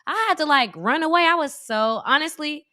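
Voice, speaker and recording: A woman's voice: high voice, fairly quick, dry recording, studio quality. A woman in her thirties, a guest in a casual chat, telling stories with lots of acted-out quotes. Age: 30s. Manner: animated storyteller, acts out quotes.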